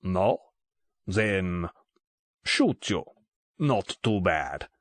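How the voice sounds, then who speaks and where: A man voicing a tall Russian gunman in an audiobook, with a thick Russian accent, speaking slow broken English in short clipped commands. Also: deep voice, very animated, no echo, pitched below the performer's own voice, heavily acted. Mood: mocking. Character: tall sniggering Russian gunman, good-humoured menace. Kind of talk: audiobook character voice.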